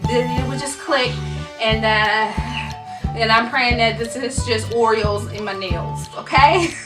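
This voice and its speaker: A mother venting to her viewers, telling a comic story with animated, dramatic delivery. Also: on the high side, measured pace, reverberant, distant mic, music in the background. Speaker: mom vlogger.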